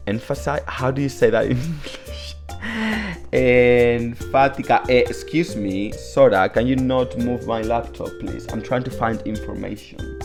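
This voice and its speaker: A man's voice: on the low side, creaky. A man whose first language is Spanish, chatting casually through an online Spanish lesson, full of "like" fillers, at home. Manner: chatty, many "like" fillers, talks to his dog. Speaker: language teacher.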